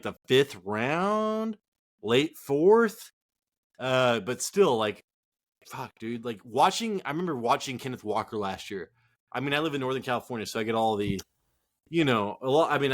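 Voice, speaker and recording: A man's voice: mid-range voice, a bit bright. A man co-hosting a fantasy football show, ranting casually with heated swearing. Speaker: fantasy football podcast co-host. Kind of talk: casual profane rant.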